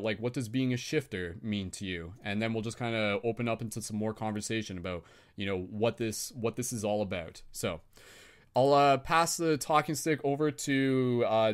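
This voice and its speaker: A young man hosting a live stream, leading a slow guided visualization and then chatting casually, laughing at himself. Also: medium pitch, smooth. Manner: laid-back, laughs at himself, drawn-out slow phrasing in guided parts. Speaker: host.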